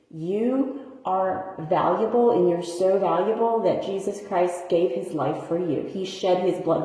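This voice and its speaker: A woman's voice: on the low side, warm tone. A woman shelter worker giving an earnest, near-tearful personal testimony that turns into preaching. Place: bathroom of a homeless shelter. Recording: echoey tiled bathroom.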